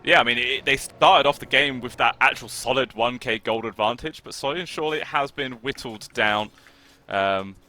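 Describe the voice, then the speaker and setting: A man giving live play-by-play commentary on an esports match, getting excitable and rising on big plays. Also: mid-range voice, moderate pace. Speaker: esports caster.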